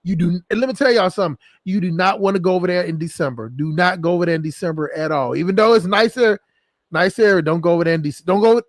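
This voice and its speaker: High-voiced man joking crudely on stream. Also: no room sound. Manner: crude, joking, laughs often. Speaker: stream host. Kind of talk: casual chat.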